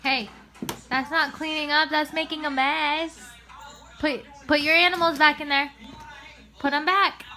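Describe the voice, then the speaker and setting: A young woman films a casual home vlog indoors with her phone, cooing to her toddler in a sing-song baby voice and occasionally speaking to viewers. Her high, bright voice is forceful with fairly even intonation, and she talks unhurriedly, pausing often.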